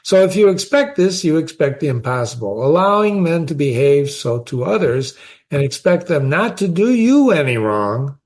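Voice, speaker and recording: A man's voice: a little high, very animated, moderate pace, a little mellow. A man hosting a show where he reads a philosophy text aloud and comments on it in an emphatic, conversational way, often asking rhetorical questions. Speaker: host reading and discussing philosophy.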